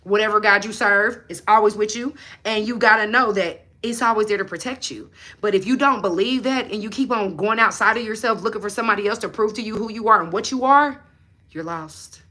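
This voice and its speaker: Blunt, bright-voiced woman preaching confidence. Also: medium pitch, brisk. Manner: blunt, profane, preachy and emphatic. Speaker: manifestation coach and livestream host. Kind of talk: casual livestream chat with viewers.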